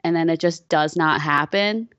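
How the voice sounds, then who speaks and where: A woman's voice: deep voice, normal speed, a bit bright, clean tone, dry recording, muffled recording. A woman co-hosting a podcast in casual chat, telling personal stories with blunt swearing and self-mockery. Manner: candid, profane, self-mocking storytelling. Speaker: podcast co-host.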